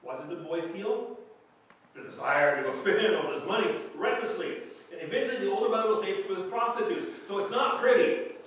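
A man, the pastor, preaching a sermon in a conversational, animated way, with bursts of emphasis and quiet asides, recorded in a church. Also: sits high, brisk. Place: church sanctuary. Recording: echoey church hall mic from a distance.

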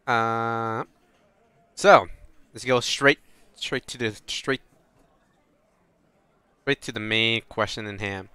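Bright, crisp man playing a game. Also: medium pitch, dry recording. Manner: swears freely, reacts loudly, reads dialogue in a flat voice. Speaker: let's play host reading game text aloud. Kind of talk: casual gameplay commentary with read-aloud dialogue.

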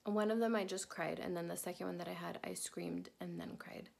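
A woman's voice: steady tone, brisk, gravelly, darkish tone. A pregnant young woman in her twenties, chatting casually in a vlog update. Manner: chatty, talks baby-talk to her cat in a high sing-song voice. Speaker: vlogger.

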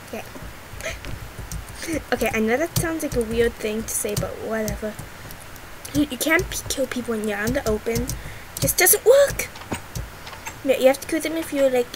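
A woman hosting casual gameplay commentary from her bedroom, giggly and rambling, with sudden excited squeals. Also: fairly high pitch. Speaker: gaming channel host. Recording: noisy, fireworks popping behind. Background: fireworks.

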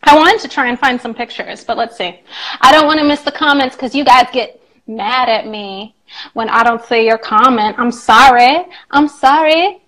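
A woman's voice: fairly high pitch, fairly even intonation, normal speed, a bit bright, poor audio. A young woman, an English teacher, chatting casually on a phone live stream, reading out comments with affectionate, playful talk.

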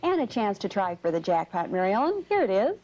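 A woman's voice: mid-range voice, very animated, fast. Chatty woman TV game host. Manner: chatty and encouraging with callers. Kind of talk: cheerful live phone-in chat. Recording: dull old TV audio.

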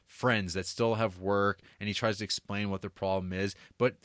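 Guy with a lowish voice, podcast co-host, dry close mic, retells a movie plot and does little voices. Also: fairly even intonation, a bit bright, no room sound. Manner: retells the plot with quick quoted asides; laughs while talking, many restarts. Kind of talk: casual film review chat.

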